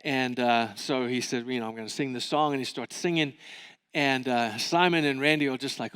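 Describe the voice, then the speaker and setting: A man preaching at a marriage conference, telling a story and acting out the people in it with lively voices. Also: mid-range voice, normal speed, clear, resonant tone, in a large hall. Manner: animated, acting out quoted voices. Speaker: pastor. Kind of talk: sermon storytelling. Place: church hall.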